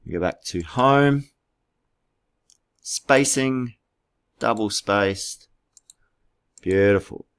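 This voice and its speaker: A man's voice: on the low side, expressive, drawn-out words, pauses often, clean tone. A man teaching a class through a screen-recorded tutorial, patient and spelling words out letter by letter, with keyboard clicks behind him.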